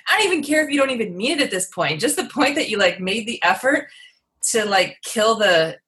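Giggly rambling woman, bright voice. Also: fairly high pitch, lively intonation, fairly quick. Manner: rambling, giggly, self-deprecating. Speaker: comedian guest. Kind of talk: casual podcast chat.

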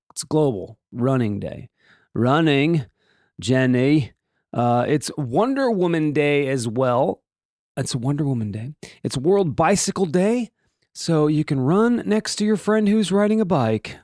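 A man's voice: a little high, vocal fry, a little mellow, no echo, studio quality. Rambling, jokey podcast man. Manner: rambling and jokey, with many restarts and asides. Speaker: podcast host. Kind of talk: casual solo daily podcast.

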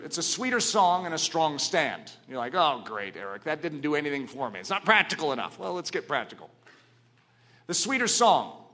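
A man preaching a sermon, telling stories dramatically and swinging from hushed to ringing. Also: a little high.

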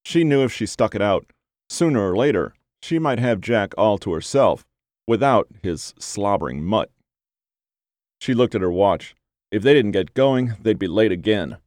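A man reading a story aloud as narrator, with measured, deliberate phrasing. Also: on the low side, expressive, a little mellow, no room sound, studio quality.

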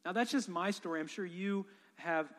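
Male pastor, lively storytelling, higher-pitched voice, reverberant hall. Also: normal speed. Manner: humorous, animated storytelling. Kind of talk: sermon.

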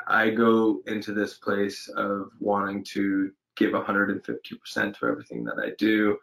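Thoughtful low-voiced man talking slowly. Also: creaky, a bit bright, rough recording. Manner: reflective, hesitant, many fillers and restarts. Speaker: actor guest. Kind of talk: casual interview conversation.

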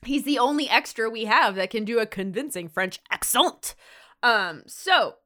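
A woman's voice: fairly high pitch, animated, moderate pace, pushed and bright. A woman co-hosting a podcast, recapping a TV episode in casual, sarcastic chat full of "like". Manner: sarcastic, chatty, lots of "like". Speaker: podcast co-host.

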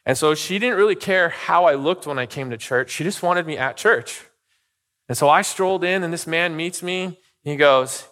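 In the long reverb of a church hall, a middle-aged pastor preaches with a fairly high, slightly bright voice, lively intonation and normal speed. He talks casually, tells personal stories, and checks in often with "okay?" and "right?" in the sanctuary.

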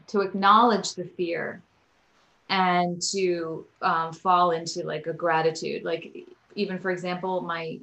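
A woman's voice: fairly low pitch, fairly bright tone, low-quality recording. A woman guest on a podcast interview, a yoga teacher telling stories and acting out quotes with animation.

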